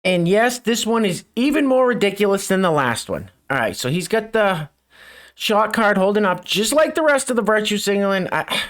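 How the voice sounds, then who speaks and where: A man's voice: high voice, expressive, normal speed, fairly bright tone. A middle-aged man hosting a mocking news commentary show, with sarcastic, chuckling asides. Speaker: show host.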